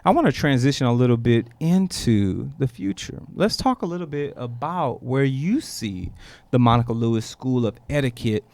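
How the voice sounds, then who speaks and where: Host voice: enthusiastic, affirming, lively pitch, dry close sound. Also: moderate pace, gravelly, no room sound. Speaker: podcast host. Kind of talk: casual podcast interview.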